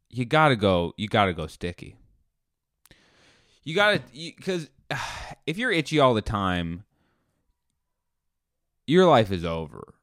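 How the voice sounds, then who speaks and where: A middle-aged man hosting a podcast, delivering an animated comedic monologue and acting out scenes in dialogue. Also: medium pitch, slow pace, pauses often, no echo, clean studio sound. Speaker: podcast host.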